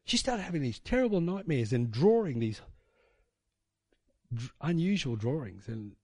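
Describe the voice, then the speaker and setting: A man's voice: fairly high pitch, sing-song, normal speed, a little mellow, no room sound. Male preacher, middle-aged, rambling testimony, chatty tag questions, dry close sound. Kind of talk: sermon testimony storytelling.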